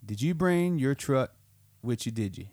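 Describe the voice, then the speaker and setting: A man's voice: medium pitch, animated, measured pace, a little mellow, dry recording. Coaxing man in a comedy sketch. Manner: persuasive, coaxing, repeats himself.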